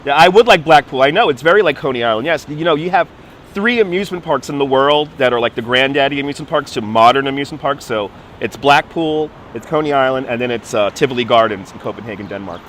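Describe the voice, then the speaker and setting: A chatty man livestreams from a city park as a tour guide, holding his phone outdoors and playfully slipping into put-on accents. He's a fast talker with a medium-pitched, fairly bright voice, and the audio carries a little hiss or hum.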